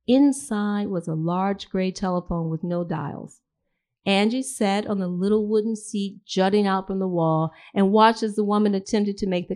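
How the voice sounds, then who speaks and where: A woman reading a literary story aloud in a measured, steady way. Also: medium pitch. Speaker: reader.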